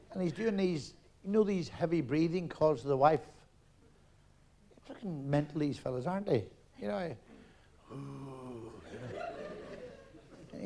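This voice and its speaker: An older man with a Northern Irish accent and a high voice tells jokes in a live stand-up set. He talks fast, acts out every character in the dialogue, and punches the lines hard. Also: darkish tone. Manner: rapid joke-telling, acting out characters in dialogue. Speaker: stand-up comedian. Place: live theatre stage.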